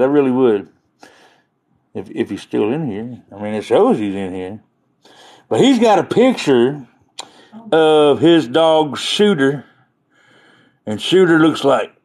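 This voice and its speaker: A man's voice: mid-range voice, dark tone. A man chatting casually on a live stream, rambling and joking as he talks to his viewers.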